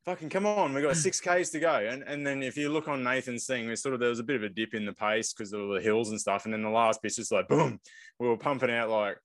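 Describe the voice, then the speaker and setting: A man's voice: medium pitch, fast, no echo. A man co-hosting a podcast, telling a race story with energy and acting out what others said. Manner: lively storyteller who acts out quoted speech. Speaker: podcast co-host and race pacer. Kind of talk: casual race recap chat.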